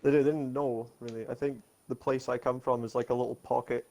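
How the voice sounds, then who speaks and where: Man, Scottish accent, co-commentator, relaxed, joking, faint background noise. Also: medium pitch, brisk. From Scotland. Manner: laid-back, joking asides. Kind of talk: casual co-commentary.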